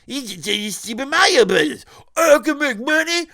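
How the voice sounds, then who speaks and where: A man's voice: extremely high pitch, animated, normal speed, pushed and bright, voice pushed up, exaggerated voice. A man voicing a greedy scalper dude in a mocking, sneering, profane way. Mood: sneering glee.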